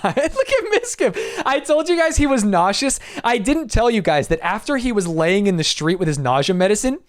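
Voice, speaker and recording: A young man recounts a story as a streamer, reacting to a video as he goes. His pitch bounces all over the place and his tone is animated and self-mocking. He swears freely along the way.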